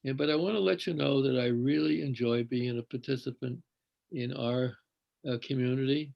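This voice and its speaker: A man's voice: mid-range voice, fairly even intonation, normal speed, vocal fry, dull audio. An older man on a video call telling a long, meandering personal story with many fillers and restarts. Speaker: congregation member sharing.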